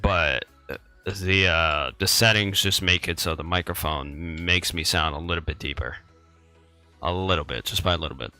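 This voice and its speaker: Low-voiced teenage boy streaming on a headset. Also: normal speed, bright, forceful tone, soft background music, low-quality recording. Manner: rambling, repeats himself, chuckles. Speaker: gaming streamer. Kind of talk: casual live-stream chat with viewers. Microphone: gaming headset microphone.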